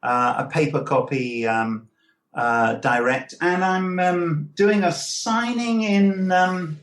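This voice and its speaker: A man's voice: on the high side, takes it slowly, a bit bright. An older man with an Anglo-Irish background, talking casually as an interview guest, full of fillers and restarts. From England, Anglo-Irish background. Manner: hesitant, many fillers and restarts. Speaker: guest comics writer.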